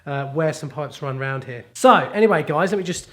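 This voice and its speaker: A man with a fairly high voice talks through a plumbing job in a casual how-to vlog. He is chatty and jokey, explaining each step as he works. He is recorded indoors in a house. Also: moderate pace, a bit bright. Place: boot room of a house, indoors.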